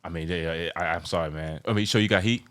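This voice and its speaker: Lower-voiced man, heated sports chat. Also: quick pace. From New York. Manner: passionate, rambling, gets loud and worked up. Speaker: show host.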